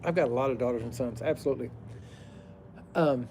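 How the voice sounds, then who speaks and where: A man's voice: mid-range voice, a little fast, darkish tone, slight background noise. Rambling man telling a story. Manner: rambling, profane, drawling. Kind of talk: casual personal storytelling.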